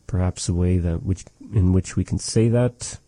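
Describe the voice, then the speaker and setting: A man with a low, very dark and somewhat husky voice leads a radio language lesson. He talks slowly and evenly, sounding out each phrase for his listeners. The sound is dry and close. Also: no echo. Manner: slow, measured, repeating phrases for learners. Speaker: language teacher.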